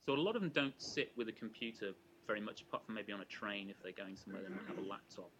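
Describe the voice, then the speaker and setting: A man giving an academic lecture to a live audience in a measured, explanatory way, often restarting his phrases. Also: fairly low pitch, a bit bright, slight background noise, poor audio. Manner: measured and explanatory, with frequent restarts and hedging asides.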